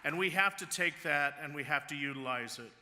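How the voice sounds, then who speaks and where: A man's voice: a little high, brisk, some chatter behind, a little hiss or hum. A man accepting an award at a gala, speaking with humor as a chamber of commerce leader. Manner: joking, lively public speaker. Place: large gala ballroom. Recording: reverberant hall sound.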